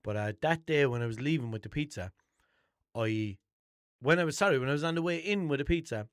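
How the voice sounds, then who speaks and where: A young Irish podcast host with a Limerick accent rambles through sweary stories in an unscripted monologue, chatty and prone to restarting his sentences. His voice is a little high, smooth, and brisk, recorded at studio quality with no room sound.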